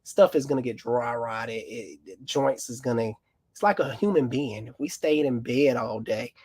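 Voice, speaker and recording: A man co-hosting a live car question show as the mechanic. He explains at length in a folksy, easygoing way. The sound is dry and close, and his pitch sits at an ordinary middle height. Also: normal speed, darkish tone, slightly rough, no echo. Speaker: mechanic, co-host. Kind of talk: casual live Q&A on cars.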